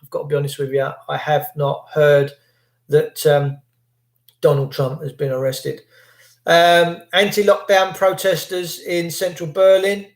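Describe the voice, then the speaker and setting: A man's voice: fairly high pitch, level tone, a little slow, echoey room. A British man hosting a livestream, ranting in a sarcastic, indignant and rambling way. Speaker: livestream host.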